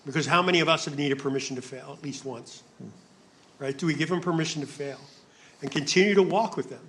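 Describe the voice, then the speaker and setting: A man's voice: a little high, a bit bright. A man on a ministry panel, speaking earnestly and asking questions of the audience. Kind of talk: panel discussion.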